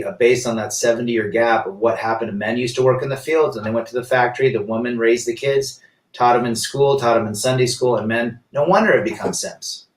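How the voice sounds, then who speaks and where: Hosting a casual live stream, a man with a mid-range voice reads viewer comments aloud and answers them emphatically, often using rhetorical questions. He sits back from the mic, and the room has a roomy echo.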